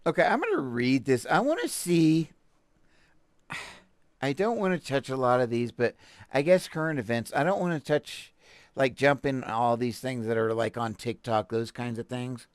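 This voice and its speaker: A man's voice: mid-range voice, lively intonation, moderate pace, dry recording, studio quality. Sarcastic Texan man reading the news. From Texas, US. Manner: sarcastic, self-interrupting, stumbles while reading aloud. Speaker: podcast host. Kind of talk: casual commentary reading a news article.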